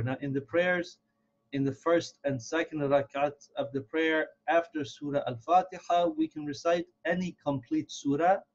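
A man teaching a recitation lesson in a patient, step-by-step way, pausing to sound out words slowly so they can be copied. His voice sits a little high for a man. The recording is dull and lo-fi. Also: a little mellow. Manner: patient, repeats words slowly to model pronunciation. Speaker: Quran reading teacher. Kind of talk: explanatory lesson with recited examples. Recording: dull lo-fi audio.

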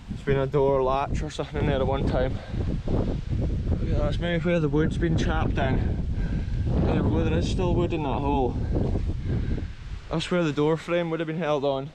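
A man with a Scottish accent narrating a casual walking vlog on a windy rural hillside, enthusiastic and often calling his viewers folks. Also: on the high side. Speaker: vlogger exploring abandoned places.

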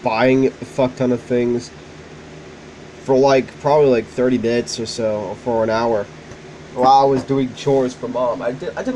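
Excitable man swearing through gameplay. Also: mid-range voice, a little hiss or hum, poor audio. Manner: excitable, profane, blurting. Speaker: gaming channel host playing the game. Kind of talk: casual gameplay commentary.

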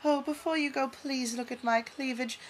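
A woman's voice: sits high, fairly even intonation, moderate pace, a little hiss or hum, natural voice. A woman playing a vain, vampish soap opera character, mock-seductive and over-dramatic in a comic parody.

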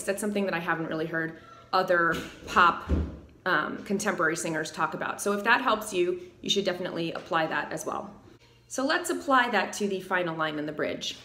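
A woman vocal coach teaches singing technique in a bright, forceful voice and breaks into short sung demonstrations. Her speaking voice sits low for an alto. The sound is roomy and echoey. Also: slight background noise. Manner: explains technique and sings short demo phrases. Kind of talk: singing tutorial.

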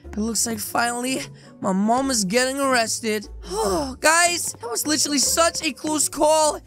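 Excitable woman narrating game role-play. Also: high-pitched, unhurried, faint music behind. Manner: dramatic, excitable, talks to viewers. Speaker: host. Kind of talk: role-play gameplay commentary.

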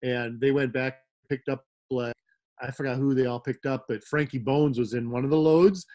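Appearing as a guest, this middle-aged rave promoter from the American Midwest laughs a lot as he rambles through stories in a casual, filler-heavy way. His mid-range voice is mellow, with fairly even intonation and a moderate pace.

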